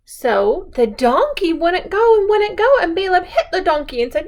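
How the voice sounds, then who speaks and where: A woman telling picture-book stories to a young child in an animated, coaxing sing-song, often pausing to ask questions. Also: very high voice. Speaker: children's storyteller.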